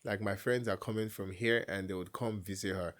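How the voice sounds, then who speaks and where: A man's voice: lowish voice, a little fast. Young Nigerian man telling a story. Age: young adult. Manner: animated storyteller, acts out family dialogue with laughs. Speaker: guest. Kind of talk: casual storytelling chat.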